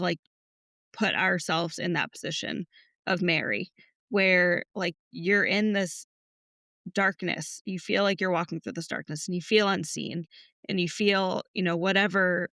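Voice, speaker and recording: A woman's voice: fairly low pitch, bright, forceful tone, dry recording, studio quality. A young woman co-hosting a faith podcast, talking in a heartfelt, rambling way with lots of "like". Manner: heartfelt, rambling with many likes. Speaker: podcast co-host. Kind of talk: casual faith chat.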